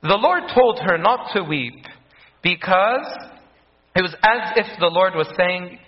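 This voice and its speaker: A man with a fairly high voice delivers a sermon, earnest and deliberate, often repeating his key phrases for weight. The recording is dull and lo-fi. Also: animated. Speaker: priest.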